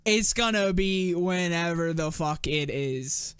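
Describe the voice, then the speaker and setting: A man's voice: fairly high pitch, takes it slowly, a bit bright, smooth, dry recording, studio quality. A man hosting a casual podcast, laughing often and swearing freely in rambling talk. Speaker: podcast host.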